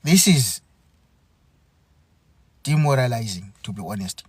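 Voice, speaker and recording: A man from Zimbabwe hosting a podcast, speaking an earnest, aggrieved monologue full of repeated phrases and halting restarts. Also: medium pitch, lively intonation, husky, dry recording. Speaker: podcast host. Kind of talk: impassioned spoken monologue.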